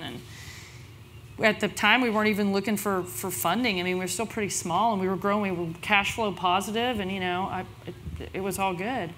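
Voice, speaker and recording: A woman speaking on a conference panel about her business, telling the story in a lively, chatty way. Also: fairly quick, slight background noise. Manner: lively storyteller, quotes others with big pitch jumps.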